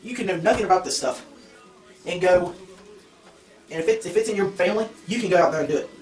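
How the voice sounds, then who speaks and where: A man's voice: sits high, fast. Young trapper guy rambling a story to his viewers, sounds far off the mic, faint music behind. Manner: rambling, self-correcting, addresses viewers directly. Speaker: trapper vlogger. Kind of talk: casual storytelling. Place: fur shed. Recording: echoey shed, voice from far off.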